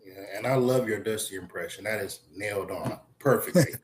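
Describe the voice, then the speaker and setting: A man's voice: fairly low pitch, a little fast. Enthusiastic man hosting an interview. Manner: enthusiastic fan, asks direct questions. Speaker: host. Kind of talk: interview questions.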